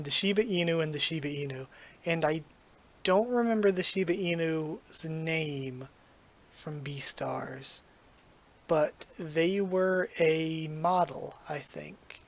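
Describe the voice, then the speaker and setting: Man, slightly high voice, emotional manga readthrough, gushing and stumbling over words, close to tears. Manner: excited and gushing, trips over his words. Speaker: YouTube manga reactor.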